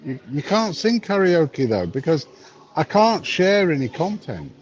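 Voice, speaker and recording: A man's voice: fairly high pitch, big pitch swings, measured pace, muffled recording, a little hiss or hum. A man in his fifties, live streaming from a bar on his phone, chatting wryly and reading chat messages aloud. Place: bar, drinking a pint.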